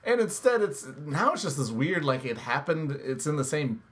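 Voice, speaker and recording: A man co-hosting a casual movie review chat, talking in halting bursts with many restarts and frequent laughs. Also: a little high, very animated, a bit bright. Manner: halting, full of fillers and restarts, laughs often. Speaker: podcast co-host.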